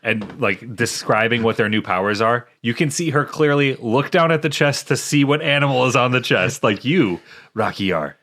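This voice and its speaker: Man, mid-range pitch, podcast co-host, animated, casual movie chat. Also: normal speed. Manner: animated, retells scenes with laughs.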